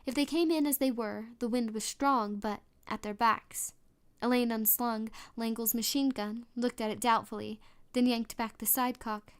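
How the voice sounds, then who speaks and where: A woman narrates a novel aloud in a smooth, clear voice that sits a little high. She reads steadily and stumbles now and then, restarting a word and going on. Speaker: audiobook reader. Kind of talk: storybook narration.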